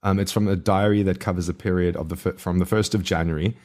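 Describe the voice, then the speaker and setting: A man's voice: deep voice, steady tone, fast, a little mellow. A man co-hosting a podcast in casual chat, rambling and laughing often as he loses his thread. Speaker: podcast co-host.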